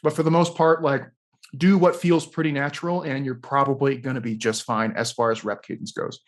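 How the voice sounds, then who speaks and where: A man in his thirties, a scientist co-hosting a casual question-and-answer chat, agreeable and quick to laugh, with frequent restarts. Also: medium pitch, steady tone. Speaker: co-host, sports scientist.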